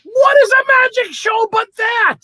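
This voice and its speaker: A man hosting a casual interview who gets enthusiastic and bursts into loud exclamations. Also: very high voice, measured pace, no echo. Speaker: host.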